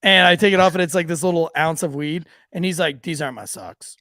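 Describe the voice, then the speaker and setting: A man's voice: high-pitched, fairly even intonation, fast, a bit bright, no echo, studio quality. A man hosting a podcast, telling profane, laughing stories from police work and acting out the people in them. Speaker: podcast host, police officer. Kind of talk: casual storytelling banter.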